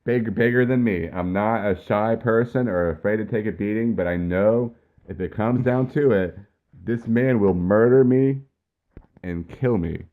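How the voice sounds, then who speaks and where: A man's voice: on the low side, unhurried, narrow, tinny audio. A man hosting a podcast, casually telling a rambling personal story. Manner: laid-back, rambling anecdote telling. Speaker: podcast host.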